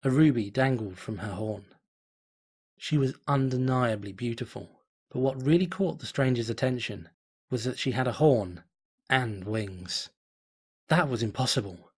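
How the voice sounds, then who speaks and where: A man reading a fantasy fan story aloud in a measured storytelling delivery. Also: medium pitch, darkish tone, husky. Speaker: narrator. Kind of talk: scripted fanfiction narration.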